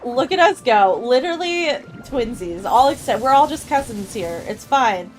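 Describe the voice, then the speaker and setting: A woman in her thirties chatting casually with her chat while streaming a game, bubbly and quick to laugh. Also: fairly high pitch, animated, soft background music. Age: 30s. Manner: giggly and bubbly, laughs often.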